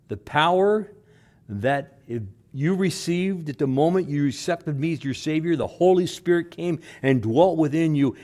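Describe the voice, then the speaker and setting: Man preaching, hushed to emphatic. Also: a little high, lively intonation, moderate pace. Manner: repeats phrases for emphasis, swings from loud to hushed. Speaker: pastor. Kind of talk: sermon.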